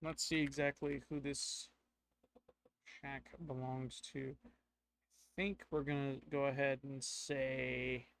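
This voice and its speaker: A man's voice: medium pitch, little pitch movement, slow pace, vocal fry, pauses often, a bit bright. A man narrating and playing a solo tabletop game, thinking aloud as he goes.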